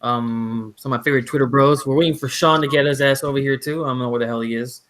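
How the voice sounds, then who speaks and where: A man's voice: medium pitch, fairly even intonation, fast talker, fairly bright tone, a little hiss or hum, poor audio. A man hosting a casual live stream over a call, rambling with lots of fillers and restarts. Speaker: host.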